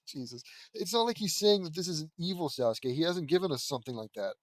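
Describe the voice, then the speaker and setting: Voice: mid-range voice, lively intonation, brisk, dry recording. A host giving a comedic read of fan fiction, breaking off to make sarcastic comments and laughing often.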